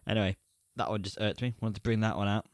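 Wry male podcast co-host, low-pitched, casual. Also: fairly even intonation, quick pace, dry recording, clean studio sound. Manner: wry, teasing. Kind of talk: casual chat.

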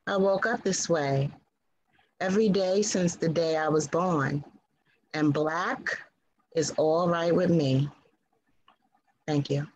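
Woman, poet, measured declamation, low voice, slow, video call. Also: darkish tone, lo-fi sound, slight background noise. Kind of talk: spoken word poetry reading.

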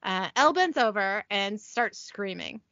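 A young woman hosting a podcast, casually recapping a TV episode from her notes, giggly and brisk. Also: medium pitch, expressive, bright, forceful tone, no echo, muffled recording. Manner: giggly, reads scene descriptions briskly.

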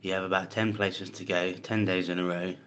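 A man with a deadpan, monotone delivery, sending in a recorded guest message. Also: low voice, a little fast, highs cut off, a little hiss or hum. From Britain.

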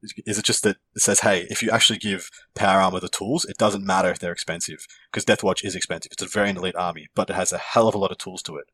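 A man with an Australian accent chats casually on a gaming podcast. His voice sits low, and he jokes and laughs readily, getting animated as he argues his point. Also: slightly rough. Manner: animated, jokey, quick to laugh. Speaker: podcast co-host. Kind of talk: casual chat.

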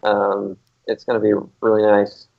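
A man with a fairly low voice chats casually as a podcast co-host. He rambles and keeps filling gaps with ums and uhs. The recording sounds dull and lo-fi. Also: monotone, measured pace, creaky. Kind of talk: casual chat.

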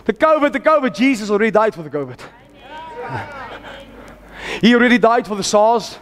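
A man preaching with a very high voice, fervent and exhorting, rising to shouts as he drives his sermon forward. He calls out lines for the congregation to echo back. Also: very animated, fairly quick. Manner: calls on the congregation to repeat after him.

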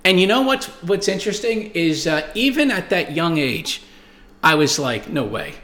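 A man's voice: sits high, very animated, normal speed, pushed and bright, echoey room. A man in his forties hosting a show, telling stories and reading viewer comments in a rambling, profane, emphatic way. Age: 40s. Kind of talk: casual monologue.

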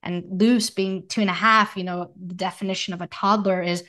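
A woman's voice: lowish voice, fairly even intonation, brisk, fairly bright tone. A woman in her thirties in casual conversation as a podcast co-host, speaking earnestly and reflectively in long flowing thoughts.

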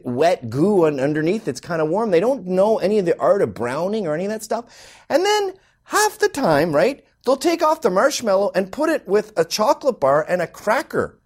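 A man's voice: high voice, slightly rough. A Canadian man doing an exasperated, mocking stand-up rant. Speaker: comedian.

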